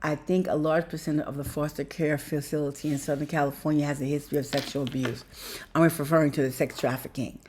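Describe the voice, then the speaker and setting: Deep and a little mellow, a woman's voice moves fast with fairly even intonation over slight background noise. In her personal vlog she rambles emotionally to "you guys," repeats herself, and bursts into laughter mid-sentence.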